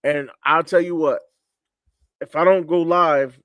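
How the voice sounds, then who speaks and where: A man's voice: a little high, steady tone, measured pace, a bit bright, dry recording. A man from Connecticut hosting a casual sports chat show, laid-back and repeating himself, laughing often. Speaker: podcast host. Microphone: studio mic on a livestream.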